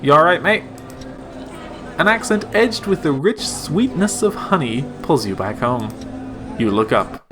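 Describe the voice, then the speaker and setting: A man reading a text game aloud in a reflective, measured voice. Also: a little high, big pitch swings, music in the background. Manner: reflective, measured second-person narration. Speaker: game reader.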